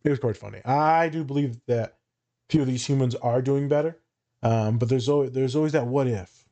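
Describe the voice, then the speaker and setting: A man's voice: mid-range voice, dark tone. Casual profane male podcaster. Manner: loose and profane, quick to laugh. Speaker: co-host.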